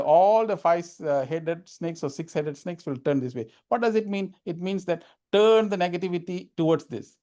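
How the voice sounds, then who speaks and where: Animated man giving spiritual talk. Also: high-pitched. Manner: animated, repeats phrases for emphasis. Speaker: spiritual speaker.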